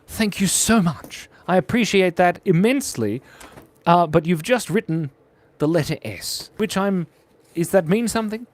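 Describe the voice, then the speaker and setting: A man's voice: sits high, moderate pace. An Australian man hosting a live drawing stream, chatting playfully and reacting to viewer chat as he draws. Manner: playful, animated, reads viewer chat aloud.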